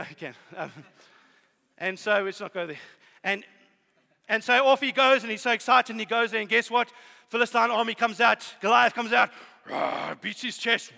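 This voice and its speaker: Male preacher, high gravelly voice, storytelling sermon, reverberant hall. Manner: animated storytelling, swings from loud to hushed.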